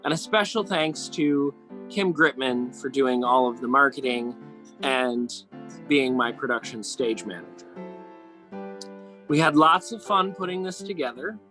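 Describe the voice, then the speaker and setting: A man's voice: medium pitch, unhurried, pushed and bright, faint music behind. A man introducing a video-call play reading as its director, upbeat and thankful. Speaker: director and host. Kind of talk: scripted introduction. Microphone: computer mic on video call.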